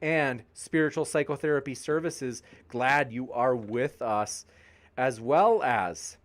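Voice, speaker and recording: A man hosting a debate channel, reading live chat shoutouts with jokey, playful banter and growing tired. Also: mid-range voice, slow pace. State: tiring, sipping water.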